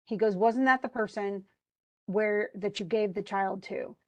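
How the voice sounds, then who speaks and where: A woman teaching literature, retelling a tragedy and reading its lines aloud, with lively storytelling and many restarts. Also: medium pitch, a little slow. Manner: animated storytelling, reads quoted lines aloud, frequent restarts. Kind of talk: lecture retelling a play.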